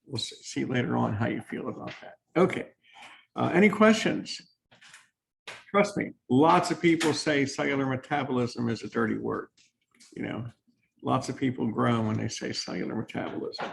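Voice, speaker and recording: Gravelly-voiced male biology lecturer. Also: medium pitch, moderate pace, slight background noise. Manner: dry sarcastic asides, many fillers and restarts. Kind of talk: classroom lecture. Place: lecture hall.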